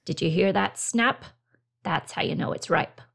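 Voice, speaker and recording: A small, friendly garden elf who talks cheerfully and helpfully, as a woman reads him aloud. The voice sits a touch lower than the reader's own, with a gravelly edge. It is a storybook reading. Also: unhurried, a bit bright, exaggerated voice.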